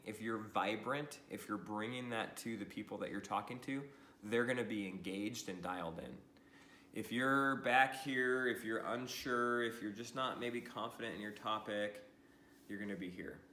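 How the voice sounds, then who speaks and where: A man giving an energetic social media training talk to the camera, upbeat and animated, often laughing and tagging lines with "right?". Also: lowish voice, reverberant, a little hiss or hum.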